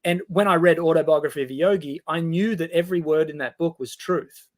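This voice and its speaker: An Australian man in his forties shares a long personal story as an interview guest. His voice sits a little high for a man, and he slips into quick impressions of the people in his tale as he goes. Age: 40s. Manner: animated storyteller who acts out quoted voices.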